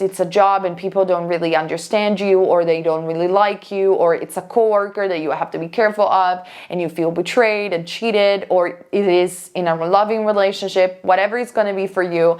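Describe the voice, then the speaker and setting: A woman's voice: lowish voice, fairly even intonation, moderate pace, hardly any pauses, a little mellow, clean tone. A woman giving a casual pick-a-card tarot reading as a psychic, chatty and emphatic, with fillers and restarts.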